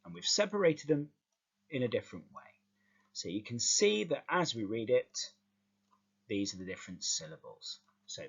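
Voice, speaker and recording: A male teacher explaining a lesson in a lively, stop-start way, often repeating words as he goes. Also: mid-range voice, normal speed, creaky, husky, dull audio.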